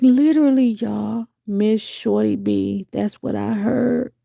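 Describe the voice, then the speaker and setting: Slow, gravelly-voiced woman chatting live. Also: mid-range voice, steady tone, dark tone, no room sound, clean studio sound. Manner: frank, profane, full of rhetorical questions. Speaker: vlogger reading live chat. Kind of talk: casual live-stream commentary.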